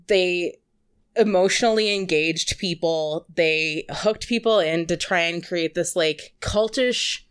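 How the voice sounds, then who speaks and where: A woman's voice: fairly low pitch, takes it slowly, smooth. A woman guest on a podcast, talking in a chatty way with lots of fillers. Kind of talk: casual chat.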